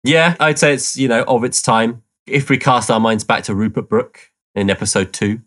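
A man's voice: medium pitch, steady tone, normal speed, fairly bright tone. A man co-hosting a podcast, easygoing, explaining and reading out background notes. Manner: easygoing, explains and laughs along. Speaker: podcast co-host.

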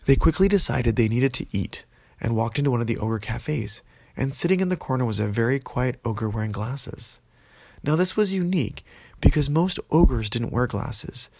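A man narrates a children's fantasy tale in a gentle, easygoing manner. His voice is gravelly and a bit husky at a middle pitch. The recording is dry and close. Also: expressive, normal speed, no echo. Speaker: storyteller. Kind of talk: children's bedtime story narration.

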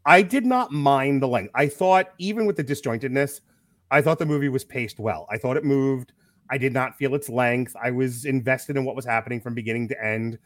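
A man's voice: mid-range voice, brisk, no echo. Frank, swearing man in a dry podcast chat. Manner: frank, swears freely, restarts sentences. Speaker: podcast co-host film reviewer. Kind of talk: casual film review chat.

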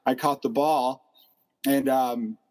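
A man's voice: medium pitch, fairly even intonation, slow pace, a little mellow. A man hosting a casual chat, telling a funny story with playful, self-mocking humor. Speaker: host.

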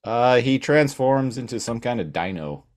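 A man co-hosting a podcast in relaxed, casual chat with some hesitant restarts. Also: medium pitch, normal speed. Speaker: podcast co-host.

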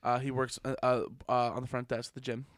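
A man's voice: medium pitch, level tone, fast talker, no room sound. A young man talks in an easy, rambling way, cracking jokes and laughing at them himself. His voice sits mid-range. The recording is dry and close. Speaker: podcast host. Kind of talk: casual chat.

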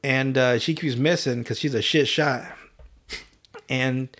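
A man casually recapping an anime on a podcast, swearing often and slipping into quick voices for the characters. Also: medium pitch. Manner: profane, animated retelling with quick voiced asides. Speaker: podcast host.

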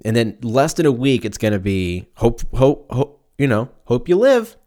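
A man's voice: mid-range voice, sing-song, normal speed, mellow. A man in his twenties from Southern California, hosting a casual solo podcast and rambling, joking and swearing freely. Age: 20s. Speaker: podcast host.

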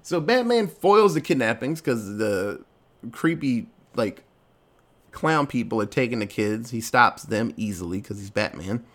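A man retelling a movie in loose, rambling casual chat. He swears freely and speaks at an ordinary middle pitch. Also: sing-song, a little slow, a bit bright. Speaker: podcast co-host recapping a movie.

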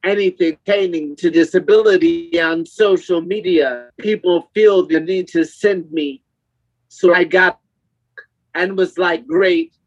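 A man's voice: high voice, unhurried, no room sound, highs cut off. A man speaking through a text-to-speech communication device, with a synthetic, evenly paced voice, heard over a video call. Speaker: guest speaker.

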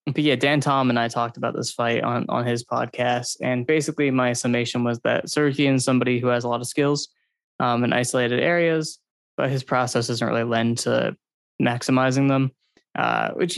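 A podcast co-host with a creaky, medium-pitched voice, recorded dry, chats casually while analyzing fights. His breakdown wanders and hedges, heavy with fillers like "um" and "like."

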